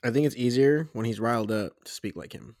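A young man co-hosting a casual podcast, amused and teasing, quick to laugh. His voice is gravelly with a lot of fry. The recording is very dry, with no room sound at all. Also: mid-range voice, a little mellow, dry recording. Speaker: podcast co-host. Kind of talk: casual chat.

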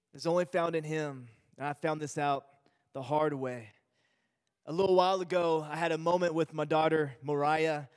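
A man's voice: fairly high pitch, clean tone, big-room sound. A male pastor giving an earnest sermon, repeating himself and restarting phrases as he speaks.

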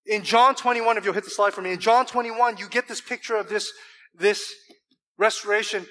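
A man's voice: sits high, steady tone, brisk, pushed and bright. A man preaching a sermon to a church congregation, emphatic and full of rhetorical questions. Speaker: pastor.

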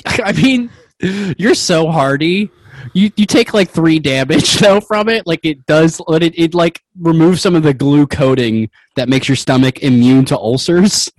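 A man's voice: fairly high pitch, measured pace, no echo. A young man running a tabletop game as game master, rambling and laughing as he narrates.

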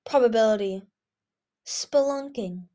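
A woman voicing a strange, dreamy young female dragon who speaks slowly in cryptic, drifting phrases. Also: fairly high pitch, mellow, lightly acted.

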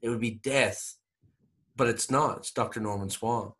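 A man's voice: mid-range voice, steady tone, normal speed, fairly bright tone. A man hosting a podcast, telling a rambling story in casual chat with emphatic repetition.

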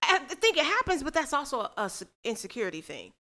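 Bright, emphatic woman in casual chat. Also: high-pitched, huge pitch swings, fast. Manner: emphatic, restarts often while explaining. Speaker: podcast co-host.

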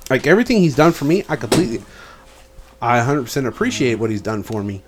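A podcast co-host chats casually and bluntly, swearing heavily as he vents about his job. His mid-range voice is sing-song and quick, with a noisy background.

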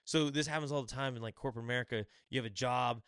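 A man's voice: mid-range voice, fairly bright tone, clean tone, dry recording, studio quality. A man hosting his own podcast, reviewing a book in casual chat and acting out little quotes as he rambles. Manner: rambling, acts out quotes in quick asides. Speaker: podcast host.

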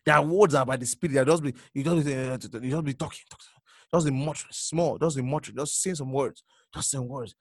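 A male preacher giving a sermon, repeating phrases and swinging from hushed murmurs to sudden loud exclamations. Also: medium pitch, a little fast, breathy edge, no echo, clean studio sound.

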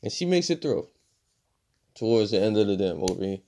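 A man giving a casual, profane movie review, swinging between loud outbursts and low mutters. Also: big pitch swings, moderate pace.

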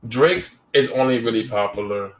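A man's voice: medium pitch, animated, normal speed. Rambling man on a podcast. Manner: rambling, goes off on tangents. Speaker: podcast co-host. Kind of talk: casual podcast chat.

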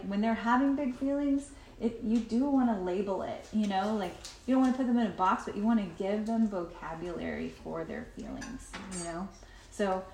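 A woman's voice: mid-range voice, darkish tone. Woman presenter at a parenting workshop, talkative and loose, acts out kids' lines, recorded in a roomy space with faint hiss. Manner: chatty, many fillers, acts out children's voices. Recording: roomy echo, faint noise.

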